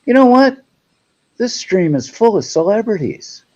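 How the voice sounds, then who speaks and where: A man's voice: high-pitched, sing-song, a little slow, warm tone, dull audio. A man hosting a casual livestream chat, joking and greeting viewers by name. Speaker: livestream host.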